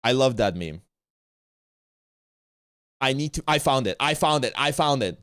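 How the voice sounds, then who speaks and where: A man's voice: mid-range voice, lively intonation, measured pace, fairly bright tone, clear, resonant tone, no echo, clean studio sound. A man streaming a watch party who rants in casual chat, swearing often and repeating himself. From Bosnia.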